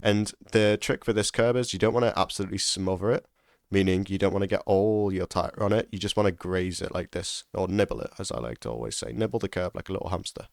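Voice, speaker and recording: A man's voice: low-pitched, fast talker, creaky, darkish tone. A man giving casual instructional commentary over a sim racing lap, repeating key tips for emphasis.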